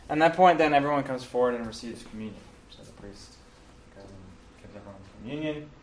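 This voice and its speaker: A man with a medium-pitched voice explains the Mass casually and fairly quickly, like a teacher, with fillers and self-corrections throughout. Slight background noise and faint ambience come through, as the mic sits at a distance in a roomy space.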